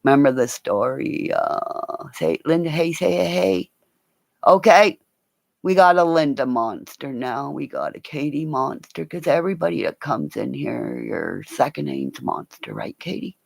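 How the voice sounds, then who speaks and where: A woman's voice: rumbling low, expressive, measured pace, creaky, no room sound. A woman hosting a live stream, telling long rambling stories with swearing and frequent slips into mimicking other people's voices.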